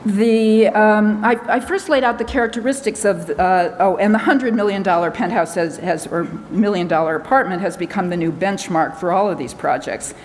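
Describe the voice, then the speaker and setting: In a large conference hall echoing with lecture-hall reverb, an American woman presenter rushes through her talk, full of fillers and false starts. She has a medium-pitched voice, and a little hiss or hum sits under the recording.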